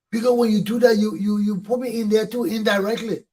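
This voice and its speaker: A man's voice: high voice, steady tone, fairly quick, few pauses, darkish tone, slightly rough, low-quality recording. A middle-aged man with a Liberian English accent hosting a talk show, speaking in a fiery way, repeating points for emphasis and swearing. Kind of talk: impassioned talk show monologue.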